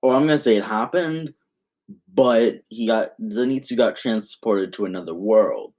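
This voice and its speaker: A man's voice: on the low side, normal speed, darkish tone. A young man casually improvising a fan story, rambling and often interrupting himself. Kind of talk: improvised fan-fiction narration.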